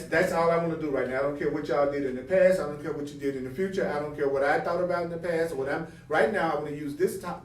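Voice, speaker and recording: Somewhat high-voiced, a man is heard from a distant mic in a roomy space as he teaches from a spiritual text. He reads passages, then breaks them down with rhetorical questions and lively acted-out examples of dialogue.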